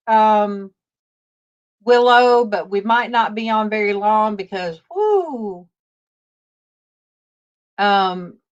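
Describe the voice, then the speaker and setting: Woman, livestream host, unhurried rambling storytelling, dull lo-fi audio. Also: on the high side, smooth. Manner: rambling, warm storytelling with many fillers. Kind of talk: casual faith-based chat.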